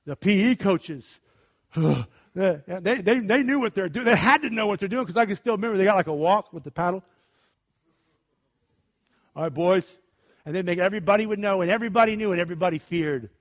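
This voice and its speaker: A man preaching with passion, swinging from shouts to quiet talk. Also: high-pitched, expressive, quick pace. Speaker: pastor. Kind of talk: preaching sermon with discussion. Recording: dull lo-fi recording.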